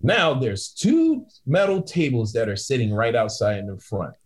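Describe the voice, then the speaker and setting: A man chatting casually and telling a rowdy story. He talks in an easygoing, ordinary voice at a middle pitch. He keeps acting out the people in it with quick shifts of voice. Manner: animated storyteller, acts out voices in his anecdotes. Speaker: guest telling a bouncer story. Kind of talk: casual podcast chat.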